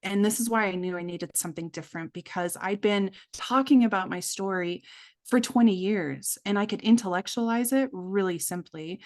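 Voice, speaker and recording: A woman's voice: mid-range voice, normal speed, darkish tone. A middle-aged woman speaking as a podcast guest, telling a candid personal story in an earnest way and acting out the voices she quotes. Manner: earnest, acts out quoted voices, many fillers.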